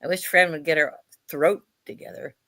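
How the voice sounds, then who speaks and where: A woman's voice: low-pitched, fairly even intonation, normal speed, pushed and bright, no room sound. A woman voicing a playful fairy spirit who calls itself a leader, giving a mischievous, lecturing channeled message. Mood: playful preachy.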